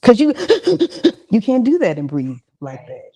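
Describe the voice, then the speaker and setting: A woman speaks at a moderate pace in a fairly low, mellow, sing-song voice, offering an encouraging mental health talk in a conversational style. The setting is a church gathering where the audience responds, and she throws them casual asides.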